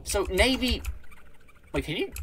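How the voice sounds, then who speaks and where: Excitable man narrating his gameplay. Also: sits high, slow pace, slight background noise. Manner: excitable, exclaiming and swearing at the game; rambling, self-correcting. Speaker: gaming channel host. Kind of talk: let's play commentary.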